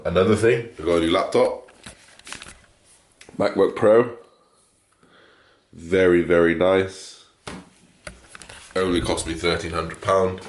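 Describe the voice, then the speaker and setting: A man with a deep, slightly raspy morning voice, chatting frankly as a fitness vlogger and swearing now and then. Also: roomy sound. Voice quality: deep, a little raspy from waking. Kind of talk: casual vlog chat. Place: at home just after waking, echoey room.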